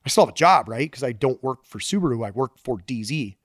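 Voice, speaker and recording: A man appears as a podcast guest, an engineer and shop founder who tells stories loosely and swears casually. His medium-pitched voice is animated and fairly quick, recorded at studio quality with no echo.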